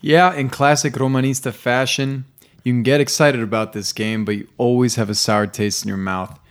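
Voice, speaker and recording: A man on a casual sports podcast, giving his opinions in a measured way. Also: medium pitch, fairly even intonation, smooth. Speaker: podcast panelist.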